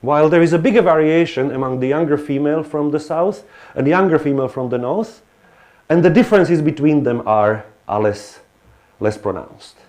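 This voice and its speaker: A man's voice: fairly high pitch, brisk, darkish tone. Hesitant male lecturer. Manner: hesitant, many restarts and fillers. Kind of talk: academic lecture.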